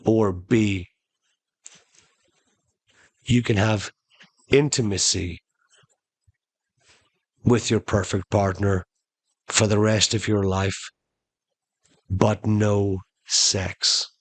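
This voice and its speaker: A man voicing a casual, offhand male genie who talks in an unhurried, matter-of-fact way. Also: lowish voice, fairly even intonation, no echo. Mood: explaining.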